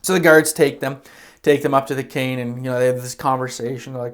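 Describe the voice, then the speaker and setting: A man's voice: mid-range voice, steady tone, fast. A man preaching a sermon as pastor, retelling scripture in a casual, conversational way and briefly acting out the characters' lines. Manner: casual storytelling, acts out quoted characters; conversational with fillers like "you know" and "like".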